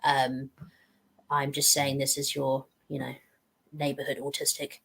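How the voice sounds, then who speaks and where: Woman, panel guest, deep for a woman, rambling and self-mocking. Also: completely flat delivery, measured pace, vocal fry, fairly bright tone, breathy edge. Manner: chatty and meandering, self-deprecating. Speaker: guest speaker. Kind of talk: casual panel discussion.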